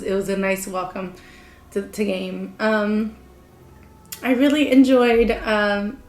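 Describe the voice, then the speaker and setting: A woman's voice: medium pitch, creaky. A young woman talking casually in an interview as a live-action role-player, enthusiastic and reflective. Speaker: LARP player. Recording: roomy echo with faint music.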